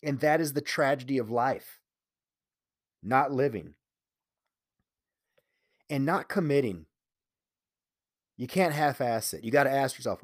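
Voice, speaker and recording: A man's voice: medium pitch, unhurried, long pauses, no room sound, clean studio sound. A man talking in a casual solo monologue, telling a candid, profane personal story and earnestly preaching about living life your own way. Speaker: solo speaker.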